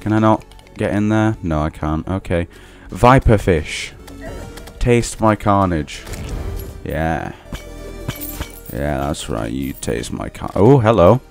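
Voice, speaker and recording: A man's voice: extremely low pitch, expressive, unhurried, creaky, a little mellow, faint music behind. A young man casually commentating his own gameplay, playfully talking to the creatures he meets. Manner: playful, talks to game enemies in a teasing voice. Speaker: gaming channel host. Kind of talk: casual let's play commentary.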